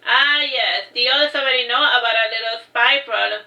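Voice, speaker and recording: A woman's voice: on the high side, brisk, sharp tone, recorded from a distance, dull audio. A woman voicing a witty, blunt young female courtesan in a dry, teasing manner in her own storybook. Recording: roomy echo.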